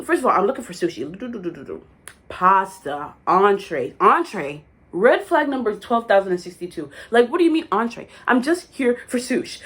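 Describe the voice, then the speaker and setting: A young woman vlogging to camera, recounting a story with big swings in pitch and lots of drama. Her voice sits in a middle register but leaps up and down as she acts out the moment. She talks casually, peppering her lines with likes and quick asides. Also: breathy edge. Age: young adult.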